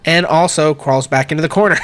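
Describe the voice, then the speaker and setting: Male game master, relaxed, lots of um and uh, slightly high voice. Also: brisk. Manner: relaxed, many fillers, chuckling. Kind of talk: running a tabletop game.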